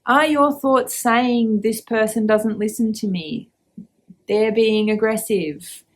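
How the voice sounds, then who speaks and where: A woman hosting a reflective podcast, gently asking the listener questions and guiding a check-in. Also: fairly high pitch, slow pace. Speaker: podcast host.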